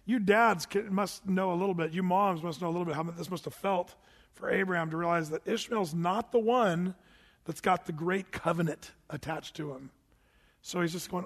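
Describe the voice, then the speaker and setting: A man's voice: high-pitched, brisk, long reverb tail. A man preaching a sermon, teaching through Bible verses in a conversational way with joking asides. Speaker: pastor.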